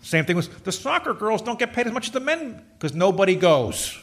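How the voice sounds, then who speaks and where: A middle-aged man preaching a sermon, talking to his congregation as if chatting with them. His voice sits a little high for a man, and he tells jokey stories, acting out the people in them. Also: big pitch swings, a little fast, fairly bright tone. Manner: conversational, jokey storytelling with quoted voices. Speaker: pastor.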